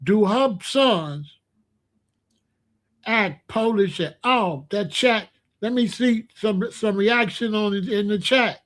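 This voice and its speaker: High-voiced blunt man on a livestream. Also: takes it slowly, fairly bright tone. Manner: blunt, repetitive, asks the chat questions. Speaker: livestream host. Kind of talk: casual livestream monologue.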